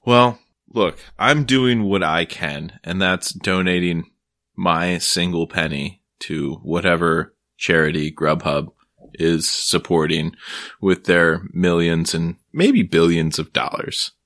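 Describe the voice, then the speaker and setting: A man's voice: deep voice, slow pace, fairly bright tone, no echo, clean studio sound. A man from Maryland co-hosting a podcast, ranting casually with profanity and wry laughs. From Maryland, USA. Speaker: podcast co-host. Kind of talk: casual chat.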